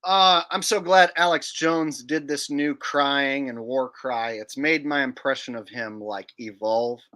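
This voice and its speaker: A man's voice: medium pitch, fairly even intonation, a little slow, pushed and bright. A man hosting a casual livestream, joking and rambling while reading chat aloud. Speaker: livestream host.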